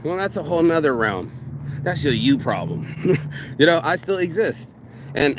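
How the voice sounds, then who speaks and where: A man's voice: a little high, background noise. A man vlogging outdoors in a park, ranting bluntly and profanely in a casual monologue.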